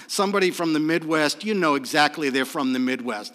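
High, lively preaching man. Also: a little fast, hardly any pauses, big-room sound. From New England. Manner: animated storytelling, retelling scripture in his own words. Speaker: pastor. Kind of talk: sermon.

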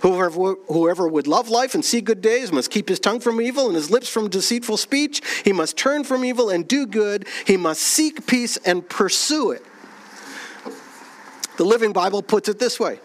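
Guy preaching a sermon, pretty high voice, asks the crowd questions, slows way down on the big lines. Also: expressive. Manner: asks the congregation questions, reads scripture aloud; slows and drops low on key phrases. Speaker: pastor.

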